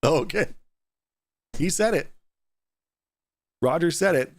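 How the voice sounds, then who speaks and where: A man's voice: a little high, lively intonation, takes it slowly, no room sound. A man hosting a live stream, mocking and sarcastic, laughing often as he comments. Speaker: host reacting to a debate stream.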